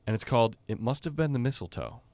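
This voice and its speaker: A man's voice: mid-range voice, expressive, fast, a little mellow, no room sound. A man in his forties co-hosting a podcast, chatting enthusiastically and gushing about favorite songs. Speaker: podcast co-host. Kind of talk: casual chat.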